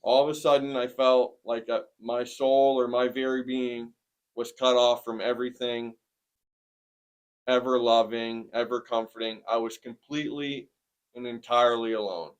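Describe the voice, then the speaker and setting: A man's voice: medium pitch, flat delivery, smooth, lo-fi sound. Earnest man telling a hard personal story. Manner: earnest, plainspoken, many "um" pauses. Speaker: interviewee sharing a testimony. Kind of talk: personal testimony in conversation.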